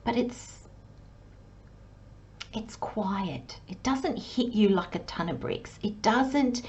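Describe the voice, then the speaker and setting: A woman giving a channelled tarot reading in a soft, dreamy way, often dropping into a hushed whisper. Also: medium pitch, lively intonation, slow pace. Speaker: tarot reader.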